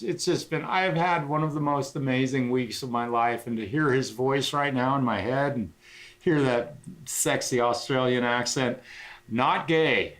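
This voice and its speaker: Middle-aged man, guitarist livestream host, unhurried rambling chat, sentimental, swears freely. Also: medium pitch, fairly bright tone.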